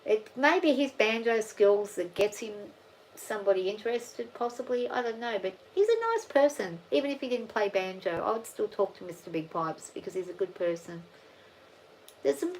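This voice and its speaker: An animated middle-aged Australian woman talks at a moderate pace with her farm channel's livestream viewers, her mid-range voice darkish in tone. Chatty and rambling, she thinks aloud with frequent restarts, and the rough recording has slight background noise.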